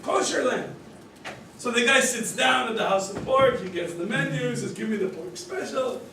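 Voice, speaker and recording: A man's voice: very high voice, moderate pace, creaky, slight background noise. A rabbi teaching a group through story cases, acting out the characters' lines and quizzing his listeners. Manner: animated storyteller who acts out the characters' quoted lines; quizzes listeners with questions and chuckles. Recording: very echoey room, voice from far off.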